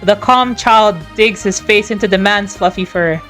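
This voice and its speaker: A woman narrating a game story in a voiced playthrough, telling it in a lively storyteller manner. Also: mid-range voice, normal speed, soft background music. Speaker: fan dubber narrating a game.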